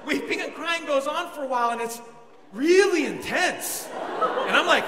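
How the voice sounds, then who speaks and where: Animated high-voiced man preaching in an echoey hall. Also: normal speed, crowd noise. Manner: animated, self-mocking storytelling with quoted asides. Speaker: pastor. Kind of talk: sermon with comic personal story. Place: large church hall. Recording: echoey hall, audience noise.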